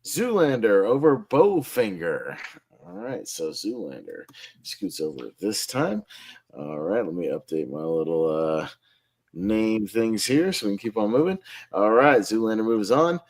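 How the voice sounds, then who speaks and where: A man's voice: fairly low pitch, sing-song, measured pace, darkish tone. A man hosting a casual online group chat, upbeat and laughing often as he runs the votes. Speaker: host.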